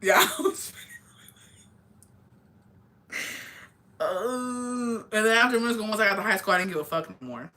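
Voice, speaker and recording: A young woman tells a story from her school days in loose, casual chat. Her voice is bright and forceful, and she swears freely and drifts from point to point. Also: medium pitch, moderate pace, long pauses. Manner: profane, rambling and blunt. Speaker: streamer.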